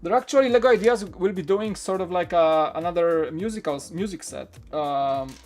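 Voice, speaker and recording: A man's voice: sits high, normal speed, darkish tone, soft background music. A man hosting a toy-building live stream, chatting casually and candidly while answering viewer questions in a rambling way. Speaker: Lego channel host.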